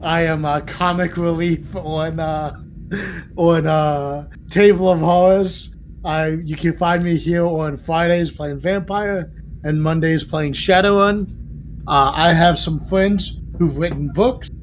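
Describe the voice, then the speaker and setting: A man tabletop player introducing himself casually, halting with many pauses and "uh"s. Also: on the high side, fairly even intonation, a little hiss or hum, rough recording.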